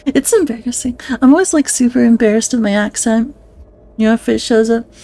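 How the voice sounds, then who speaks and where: A woman's voice: a little high, brisk, mellow. A woman streamer chatting casually on a live stream, giggling often, self-conscious and swearing a lot.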